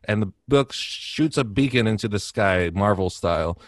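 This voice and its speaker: A man's voice: on the low side, animated, normal speed, dry recording, studio quality. A man casually retelling a movie plot in a playful way, laughing often as he goes. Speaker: podcast co-host.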